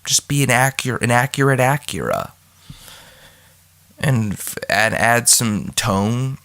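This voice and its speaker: Very animated yet taking his time, this man from the United States speaks with a medium-pitched, fairly bright voice. He runs his own podcast solo, rambling in a goofy way, swearing freely and drifting into song.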